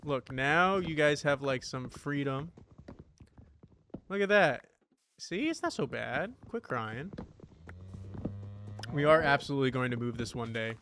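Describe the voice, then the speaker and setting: A man's voice: mid-range voice, animated, a little slow, long pauses, a bit bright, slight background noise. A young man casually talking over a game, telling a story in a loose, rambling way full of swearing and "dude". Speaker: gaming streamer. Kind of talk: casual gameplay commentary with storytelling.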